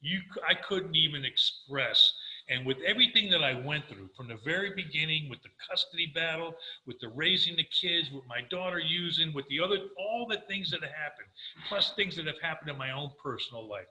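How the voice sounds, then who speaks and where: An older man speaks with earnest warmth as he tells his own recovery story and acts out the conversations in it. His voice is bright and forceful, and it rings through an echoey room. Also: a little high, fairly quick. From Florida. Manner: earnest storytelling, quoting himself, animated. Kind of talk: personal testimony talk.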